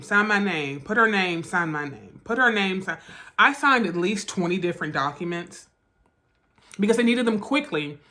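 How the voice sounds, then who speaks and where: Woman vlogger, bright voice, halting and emotional storytime delivery. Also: mid-range voice. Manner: emotional, halting retelling with restarts. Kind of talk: storytime vlog.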